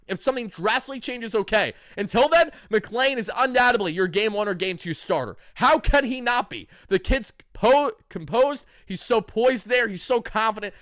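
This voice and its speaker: A brash, trash-talking young man giving hyped fan reaction commentary. His voice sits very high for a man and sounds bright and forceful. The recording is dry and close, with no room sound. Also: no room sound. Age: young adult. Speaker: sports channel host.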